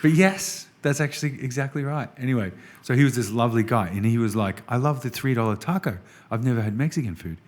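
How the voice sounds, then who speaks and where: Australian male podcast guest, casual and lively, full of anecdotes. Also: medium pitch, quick pace, hardly any pauses. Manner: animated storyteller, says "man" often. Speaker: restaurant executive guest.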